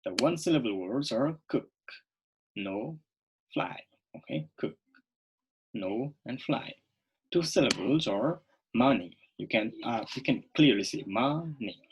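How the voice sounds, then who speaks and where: A man teaching a recorded online English lesson, speaking slowly and repeating words, often checking in with "okay?". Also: mid-range voice, expressive, background noise. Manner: slow, repetitive, checks in with "okay?".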